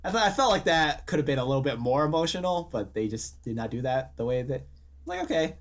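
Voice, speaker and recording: A man co-hosts a casual podcast chat, ranting animatedly at a quick pace in a medium-pitched voice. He swears often and bursts out in exasperation.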